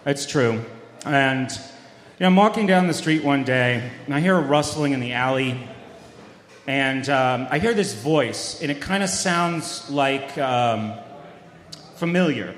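Deadpan male storyteller in an echoey hall. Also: medium pitch. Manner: deadpan storytelling, many fillers and trailing pauses. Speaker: podcast host and guest. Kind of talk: mock-serious comedic storytelling. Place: live event hall. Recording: echoey hall with long reverb.

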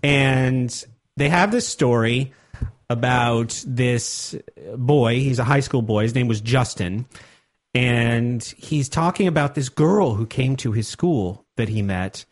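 A man's voice: mid-range voice, slow pace. A man in casual chat, animatedly summarizing a story for co-hosts. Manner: chatty and animated, pace jumps around.

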